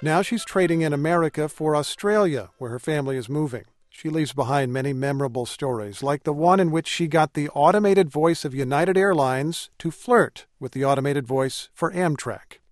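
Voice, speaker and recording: A man hosting a radio news program, reading a scripted farewell segment in a measured, even delivery. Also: on the high side, no room sound. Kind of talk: scripted broadcast narration. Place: radio studio. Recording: dry studio sound with music bed.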